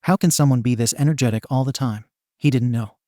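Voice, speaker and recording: A man reading a fan fiction story aloud in a plain, steady way. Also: medium pitch, fast, dry recording, studio quality. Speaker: narrator.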